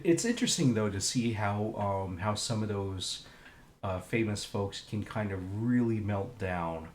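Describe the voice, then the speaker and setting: A man streaming a retro game live, chatting in a loose, rambling way full of slang and fillers. His voice sits a bit low, and the room around him is roomy and echoing.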